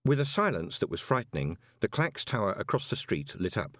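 Guy reading a story out loud, low voice, very lively, dry sound. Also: a little fast, no echo. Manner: expressive storytelling. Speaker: narrator. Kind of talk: audiobook narration.

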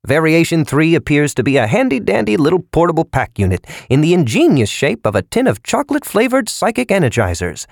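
A man's voice: fairly high pitch, big pitch swings, brisk, gravelly, few pauses, dry recording, clean studio sound, pitched above the performer's own voice, heavily acted. A man voicing a cheerful, oozing middle-aged male fly operator who rambles on eagerly like a salesman. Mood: vigorous.

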